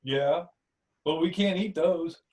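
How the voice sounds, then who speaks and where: A man's voice: fairly high pitch, slow pace, darkish tone, roomy sound, distant mic, pitched above the performer's own voice, poor audio. A man reading a story aloud and voicing an astonished, skeptical young man who keeps questioning what he sees. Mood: startled. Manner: incredulous, questioning. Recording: voice somewhat off-mic.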